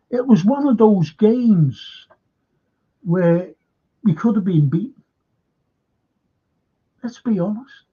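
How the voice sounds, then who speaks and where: A man's voice: sits high, expressive, slow pace, pauses often, breathy edge. A man hosting a live fan show, talking emphatically to viewers by name, repeating points and swearing. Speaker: fan channel host. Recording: dull lo-fi sound.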